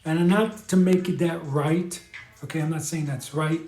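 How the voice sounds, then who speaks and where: A man from New hosts a live stream, talking candidly and earnestly with many fillers and restarts. His voice sits a little high for a man. The room gives the sound a clear echo. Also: steady tone, moderate pace, darkish tone, soft background music. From New York. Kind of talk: casual live-stream advice talk.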